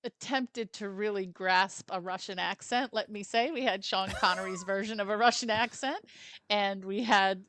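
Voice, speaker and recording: A woman chats her way through a film review over a video call, wandering into asides and fillers. Her pitch sits in an ordinary middle range. The sound is dry and close. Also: fairly even intonation, moderate pace, fairly bright tone, dry recording. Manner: chatty, rambling, with many asides and fillers. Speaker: film club host. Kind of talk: casual film review chat.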